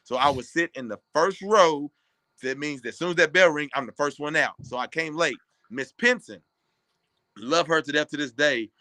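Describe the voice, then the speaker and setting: A man in his thirties from Kentucky tells stories from his playing days in a bright, forceful voice. He acts out the people in them as he goes. The sound is close and dry, like a podcast studio. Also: a little high, moderate pace, no echo. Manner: animated, acts out other people's lines. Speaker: former college basketball player, guest. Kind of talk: casual storytelling.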